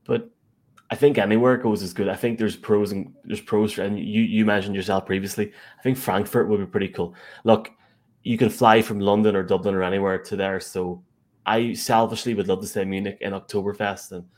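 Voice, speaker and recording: A man's voice: on the low side, fairly even intonation, a little fast, a little mellow. A man on a sports podcast, speaking in a casual, slightly hesitant way.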